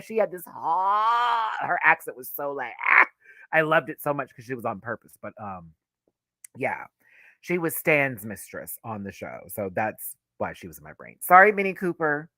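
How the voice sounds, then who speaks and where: A man's voice: mid-range voice, bright, forceful tone, no echo, studio quality. A man giving a live, gossipy reaction review of a drag reality show, talking casually with sassy asides and frequent laughter.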